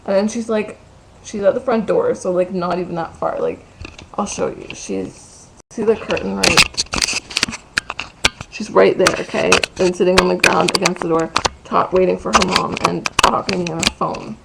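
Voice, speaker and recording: Gravelly-voiced woman ranting casually. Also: on the low side, fairly even intonation, normal speed, very noisy. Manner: gossipy, profane, full of "like". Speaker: vlogger. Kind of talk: casual ranting story to camera. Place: her bedroom at home.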